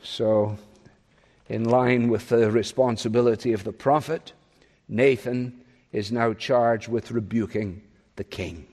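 A male preacher delivering a sermon at a middle pitch. He is emphatic, climbing loud on key phrases before sinking soft. His voice rings out with the long reverb of a large hall. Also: fairly even intonation, slow. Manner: emphatic, swinging between loud rises and soft drops. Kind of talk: expository sermon.

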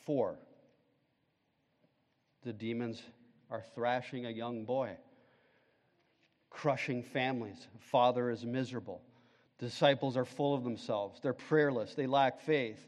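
A man preaching a sermon, swinging between loud, fervent peaks and hushed, slow passages. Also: medium pitch, fairly even intonation. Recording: long hall reverb.

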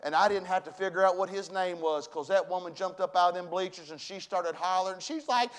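A man preaching a sermon as pastor, folksy and emphatic, dropping to a hush and then rising to loud exhortation. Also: high voice, little pitch movement, fast, heavy background noise.

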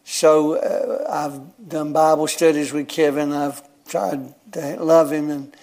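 A man's voice: on the high side, little pitch movement, takes it slowly, a little mellow. A man, telling a personal story in a folksy, rambling sermon and chuckling often. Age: 70s. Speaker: guest preacher.

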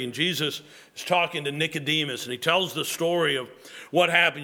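A male pastor preaching with a fervent, emphatic delivery. His voice is sharp and forceful, sitting a little higher than most men's. He often doubles words as he drives a point home. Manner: emphatic, repeats words when building a point. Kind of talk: sermon.

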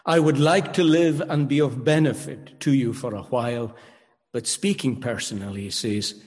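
A man preaching a sermon, emphatic and rhetorical, pausing dramatically and questioning his listeners. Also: medium pitch, a little mellow. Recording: long hall reverb.

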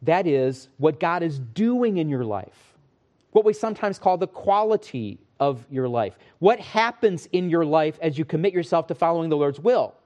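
Earnest man preaching, slightly high voice. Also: animated, darkish tone, highs cut off. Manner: earnest, emphatic preaching with slow stressed phrases; folksy asides and self-corrections. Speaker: pastor. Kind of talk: sermon.

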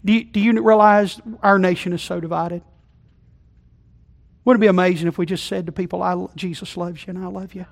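High-voiced folksy preacher, loud to hushed. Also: male voice, steady tone, brisk, creaky. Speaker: pastor. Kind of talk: sermon. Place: church sanctuary.

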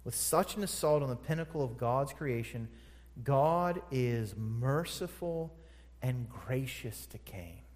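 A man's voice: medium pitch, expressive, slow pace, a little mellow. A man preaching a sermon, emphatic and repeating phrases for stress. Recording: long hall reverb.

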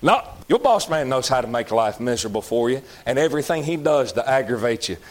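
A man with a Southern accent preaching a sermon in a folksy, emphatic way, shouting at times. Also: mid-range voice, animated, a little fast.

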